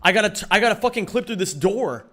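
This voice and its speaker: A man's voice: sits high, animated, fast talker, pushed and bright. A man streaming live, chatting casually with his viewers, greeting them by name and swearing freely as he plays.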